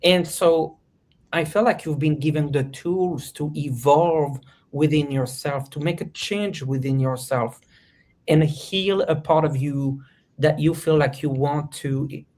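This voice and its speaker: Slow, reflective male tarot reader. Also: on the high side, darkish tone. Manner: slow, reflective, searching for words. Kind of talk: live-stream tarot reading.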